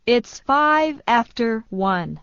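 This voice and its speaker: A woman reads English phrases for learners at a very slow, deliberate pace. Her voice sits a little high. The sound is dry and dull, with a muffled top end. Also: smooth, dry recording. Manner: slow, even repetition of each phrase. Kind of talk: slow scripted phrase reading.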